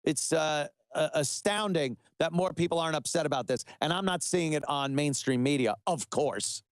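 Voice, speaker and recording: A middle-aged man hosts his own show, ranting with a sarcastic, mocking edge and hammering his points. His voice sits a bit higher than most men's. It is recorded close and dry, with no room sound. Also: moderate pace, no room sound. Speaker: web show host. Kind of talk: ranting political commentary.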